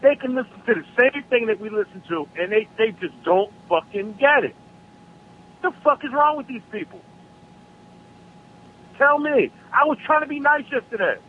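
Caller, male, furious and profane, lively high voice, husky over a tinny phone line. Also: normal speed, pauses often. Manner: profane, heated, ranting. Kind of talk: angry political rant on a call-in show. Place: South Carolina.

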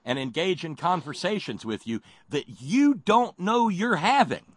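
A man's voice: high-pitched, animated, unhurried, no room sound. A man hosting a casual talk show, joking and teasing his co-hosts in easygoing banter. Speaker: show host.

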